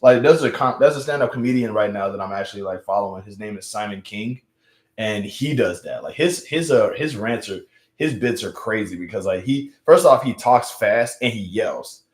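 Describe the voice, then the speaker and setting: A man's voice: fairly low pitch, expressive, normal speed. Rambling young man in an echoey room. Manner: rambling, many restarts and fillers. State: feeling unwell. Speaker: livestream host. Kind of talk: casual live-stream chat.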